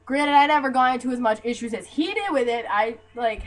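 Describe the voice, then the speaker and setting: A young woman venting to her camera in a blunt, profane, animated way, telling a story to her viewers. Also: fairly high pitch, a little fast, few pauses, noisy background. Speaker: vlogger.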